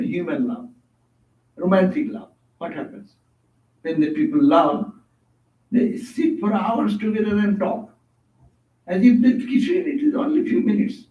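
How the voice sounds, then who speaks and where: A man giving a devotional sermon as a monk, telling stories and often stopping to search for words, with rhetorical asides. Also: high voice. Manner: storytelling, asks rhetorical "No?" and "Huh?"; halting, restarts and searches for words. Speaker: monk giving a spiritual talk. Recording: echoey, distant, dull hall recording.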